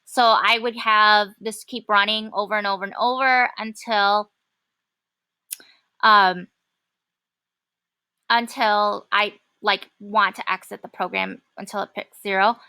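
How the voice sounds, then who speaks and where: A woman teaching a programming lesson, talking casually and thinking aloud with many pauses and fillers. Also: medium pitch, fairly even intonation, pushed and bright, clear, resonant tone. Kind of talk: classroom coding lesson.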